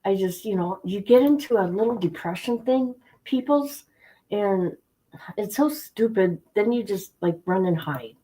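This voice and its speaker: A woman's voice: medium pitch, animated, a little slow, dark tone, low-quality recording. A middle-aged woman hosting a livestream, chatting casually with viewers, talking straight to them and repeating points for emphasis. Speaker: livestream host. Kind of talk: casual chat with stream viewers.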